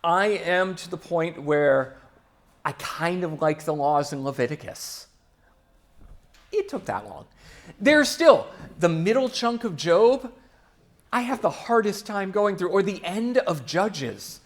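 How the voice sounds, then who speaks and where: A man's voice: high-pitched, big pitch swings. Chatty young man giving a casual sermon. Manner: chatty, with fillers and quick asides. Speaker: church speaker.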